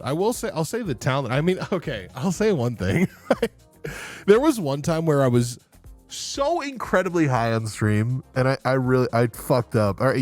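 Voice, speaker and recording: Young man, streamer, casual chat, animated pitch, frequent laughter, swearing, desk mic. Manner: laughing often, rambling, swears freely. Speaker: livestreamer.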